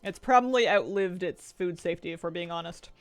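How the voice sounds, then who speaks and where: A woman's voice: on the low side, brisk, no echo, faint music behind. A woman from the United States streaming from home, chatting casually and thinking aloud while she eats and plays a game. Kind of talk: casual live-stream gaming chat.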